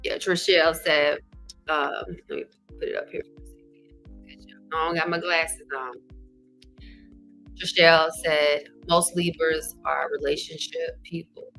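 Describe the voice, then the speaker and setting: Woman host from Arkansas, folksy and animated, bright tone; live chat with viewers. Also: fairly low pitch. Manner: chatty, reads viewer comments aloud; animated, folksy, says y'all. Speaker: livestream host. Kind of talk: casual livestream chat.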